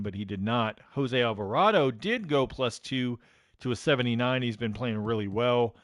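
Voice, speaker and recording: A man's voice: mid-range voice, a bit bright, no room sound, clean studio sound. A man hosting a live stream, casually reading out game ratings with lots of ums and uhs. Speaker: gaming channel host.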